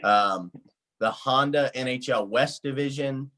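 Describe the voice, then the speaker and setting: A young college-aged man co-hosting a casual sports podcast. He tells loose, rambling stories and laughs often, with an easygoing, mid-pitched voice. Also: measured pace, pushed and bright. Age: young adult. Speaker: podcast co-host.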